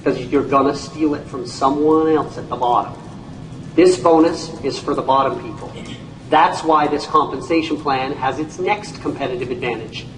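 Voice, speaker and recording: A man, a company CEO, giving an animated training talk to an audience, telling stories and acting out people's reactions with folksy exclamations. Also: on the high side, moderate pace, noisy background. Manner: storytelling, acts out voices, folksy exclamations. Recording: echoey room, speaker far from mic.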